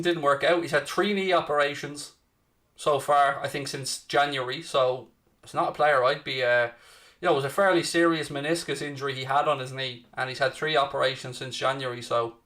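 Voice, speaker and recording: A man's voice: mid-range voice, a bit bright. A man hosting a football watchalong, calling the play and casually answering viewers' chat messages. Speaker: watchalong host. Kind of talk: casual match commentary and chat.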